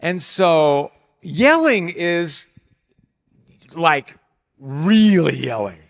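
An older man delivers a sermon about marriage in a slightly raised voice. He is animated and acts out the lines he quotes, with sudden loud outbursts. The sound carries a long reverb from a large hall. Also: on the high side, very slow, vocal fry. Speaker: speaker on marriage.

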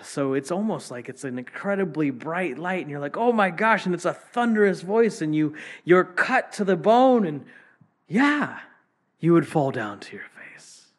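A man preaching a sermon, swinging between loud exclamations and hushed whispers. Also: fairly high pitch, sing-song, normal speed.

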